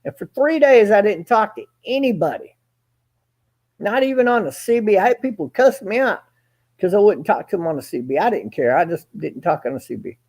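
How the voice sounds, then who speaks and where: A guest storyteller with a high-pitched, fairly quick, slightly mellow voice and big pitch swings tells a long personal story. He's casual, rambling and folksy, swears now and then, and acts out every line of dialogue.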